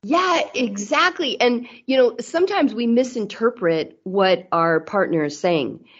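A woman's voice: a little high, animated, unhurried, muffled recording, a crowd in the background. A woman in casual conversation about marriage, chatty and acting out remembered dialogue with her husband. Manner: chatty, acts out quoted dialogue.

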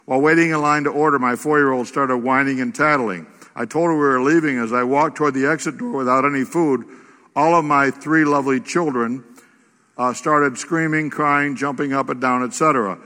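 A man preaching a sermon in a church, reading aloud and then speaking with animated, exclamatory emphasis. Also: medium pitch, brisk. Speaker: pastor. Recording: echoey church hall.

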